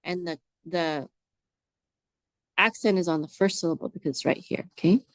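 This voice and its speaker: A woman teaching biblical Hebrew word by word, slowly sounding out letters and asking listeners to repeat after her. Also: fairly low pitch, no room sound. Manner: slow, drawn-out repetition, prompting listeners to say words back. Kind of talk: slow, patient word-by-word Hebrew lesson.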